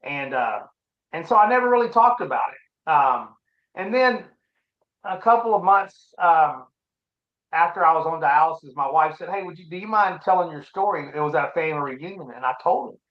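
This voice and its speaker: A middle-aged man as an interview guest, telling his personal story in a halting, reflective, earnest way. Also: a little high, animated. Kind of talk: casual conversation, personal story. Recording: roomy, dull lo-fi sound.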